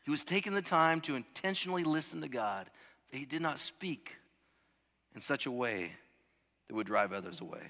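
Pastor guy in his 30s preaching, bright forceful voice, big loud lines then hushed bits, long church echo. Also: medium pitch, sing-song, normal speed, vocal fry. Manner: swings from loud emphatic lines to soft near-whispers; repeats words and restarts often. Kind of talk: sermon.

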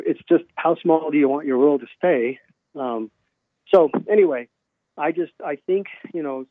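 A man's voice: mid-range voice, no echo. A male author tells long rambling stories and plays out every quoted exchange, leaning on ums and you-knows. His voice comes through a narrow, phone-like line with a very dry sound and no room around it. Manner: rambling anecdotes with many fillers, acts out quoted dialogue. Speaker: self-published author, guest. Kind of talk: casual storytelling interview.

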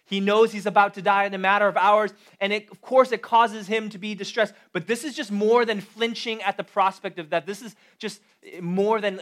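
A pastor delivers a casual, animated sermon in a fairly high male voice. He leans toward the audience with rhetorical questions and plain talk, picking up energy as he goes. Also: normal speed, hardly any pauses. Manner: conversational, animated, addresses the audience directly.

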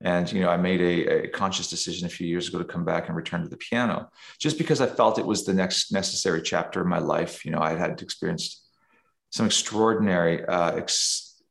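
A man being interviewed as a composer, speaking in a halting, reflective way with many fillers. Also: deep voice, fairly even intonation, creaky, fairly bright tone. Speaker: guest composer. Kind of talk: interview conversation. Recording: roomy echo.

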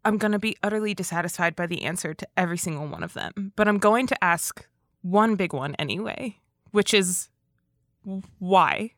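A woman's voice: medium pitch, normal speed, a bit bright, dry recording, studio quality. A woman co-hosting a podcast in casual chat, wry and questioning. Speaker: podcast co-host.

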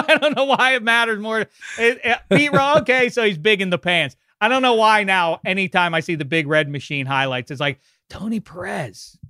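A man co-hosting a podcast, telling a funny story in a quick, joking way. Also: sits high, bright, forceful tone, smooth, dry recording, studio quality. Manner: quick, joking, breaks into laughter. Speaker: podcast co-host. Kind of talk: casual chat.

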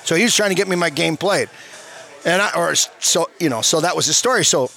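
A middle-aged man with a noticeably high speaking voice tells a rowdy story. His delivery is animated and full of swearing. He keeps checking in with his listeners as the casual chat goes on. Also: fast, vocal fry, soft background music. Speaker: guest, former hockey player. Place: bar.

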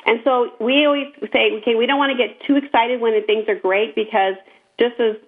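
A woman's voice: fairly high pitch, fairly even intonation, brisk. A woman co-hosting a casual chat, speaking in an earnest, encouraging way. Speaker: podcast co-host. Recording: tinny phone-line sound.

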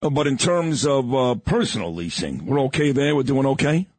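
A man's voice: mid-range voice, normal speed, dry recording. A middle-aged man hosting a radio show, chatting and interviewing a guest in the studio. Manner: animated, conversational, interviewing. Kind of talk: casual on-air interview chat.

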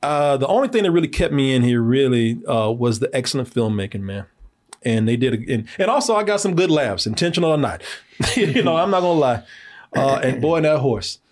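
Male podcast film critic, husky mid-range voice, relaxed joking delivery with frequent laughs. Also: medium pitch, a little fast. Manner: laughs often, loose and joking, many restarts. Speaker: film reviewer. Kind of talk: casual podcast movie review.

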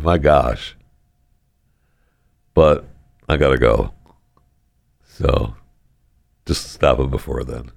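A man's voice: rumbling low, gravelly, no echo, studio quality. A man hosting a radio show, chatting casually in a rambling, jokey, self-deprecating way. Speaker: radio host. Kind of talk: casual on-air chat.

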